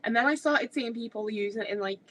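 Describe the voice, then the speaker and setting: A woman's voice: a little high, brisk, a bit bright, rough recording. Chatty woman streamer. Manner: chatty and rambling, full of "like" fillers. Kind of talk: casual livestream chat.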